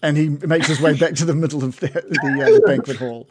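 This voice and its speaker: A man's voice: a little high, fairly even intonation, a little fast, noisy background. A man narrating as game master of a tabletop game, hesitant, with many fillers and restarts.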